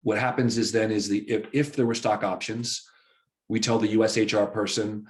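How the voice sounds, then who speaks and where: A man's voice: lowish voice, flat delivery, normal speed. A man, a company founder, explaining in an interview how his business works, walking through examples and acting out the lines of the people involved. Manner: walks through examples, acts out quoted dialogue. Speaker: founder of an employer firm, interview guest.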